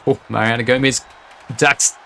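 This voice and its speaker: A man calling a wrestling match live, excitable and quick to laugh and exclaim. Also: mid-range voice, vocal fry, a little hiss or hum. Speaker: wrestling commentator. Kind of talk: live play-by-play commentary.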